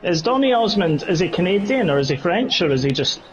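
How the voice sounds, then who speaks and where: A man's voice: high-pitched, big pitch swings, a little fast, dull audio, over music. A man chatting casually while he drives in an online race, playful and joking with the commentator. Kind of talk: casual chat while racing.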